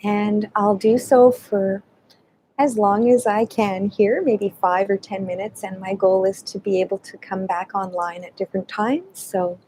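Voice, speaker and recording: A woman with a mellow, soft-toned voice leads a laughter yoga class, taking her time with each phrase. She guides gently and moves between French and English without hurry. Faint room ambience sits behind her. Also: medium pitch, fairly even intonation, a little hiss or hum, rough recording. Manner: gentle, unhurried guidance mixing French and English. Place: indoors, alone.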